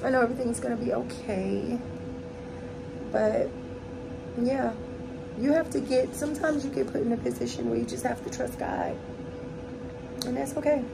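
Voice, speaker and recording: A woman's voice: fairly high pitch, expressive, moderate pace, gravelly, long pauses, heavy background noise. A woman vlogging in a candid, heartfelt way from home. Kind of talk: casual vlog chat. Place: indoors at home.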